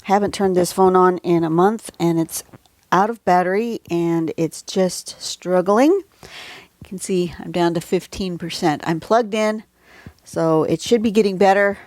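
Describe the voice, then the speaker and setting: A woman's voice: on the low side, a little slow, a little mellow, no echo. A woman hosting a casual livestream drawing lesson, chatty and rambling with many asides, recorded on a phone at home. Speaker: drawing tutorial host.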